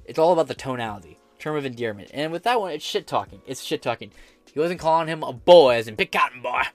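A man's voice: medium pitch, lively intonation, fast talker, no room sound, faint music behind. Blunt, profane American man ranting. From United States. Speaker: podcast host. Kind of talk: political commentary, reading headlines aloud.

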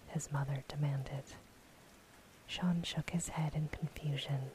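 A woman whispering a calm, steady storybook narration in a whispered role-play. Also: sits low, takes it slowly, slight background noise, poor audio.

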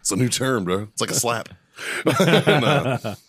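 Animated, joking male podcast host. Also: medium pitch, slow pace, husky, no echo. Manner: crude, joking banter with frequent laughs. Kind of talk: casual chat.

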